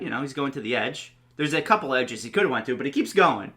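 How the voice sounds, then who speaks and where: A male podcast co-host gives a plain, casual recap of a horror film's plot during a relaxed film review chat. His mid-range voice swings widely in pitch, sounding pushed and bright as he talks fast.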